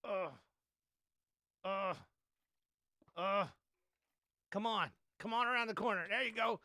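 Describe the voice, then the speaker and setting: A man's voice: sits high, slow, pauses often, pushed and bright, dry recording. A man with a Southern Georgia accent, a podcast host giving casual gameplay commentary and telling a story, folksy and chatty with mild oaths. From Georgia, USA.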